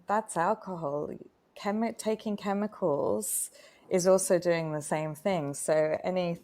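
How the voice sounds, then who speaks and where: A woman's voice: on the low side, a little mellow. An adult woman co-hosting a casual live-streamed chat, telling a personal story with heartfelt enthusiasm. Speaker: co-host, retreat facilitator.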